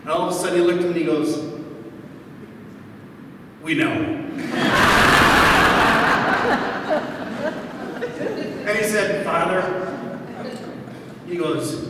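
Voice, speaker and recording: A man's voice: high-pitched, brisk, long pauses. A man in his sixties, a priest, telling jokey stories to an audience and acting out the dialogue, recorded from far off in a large hall. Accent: Milwaukee, Wisconsin. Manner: jokey, animated storyteller who acts out dialogue. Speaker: priest, panel speaker. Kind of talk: storytelling talk to an audience. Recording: echoey hall from far off, noisy.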